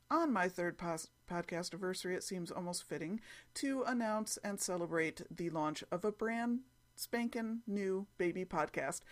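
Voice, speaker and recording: A woman hosts her own hobby podcast, chatting casually and rambling, often correcting herself along the way. Recorded at home on a computer mic, her voice is medium-pitched and a bit bright.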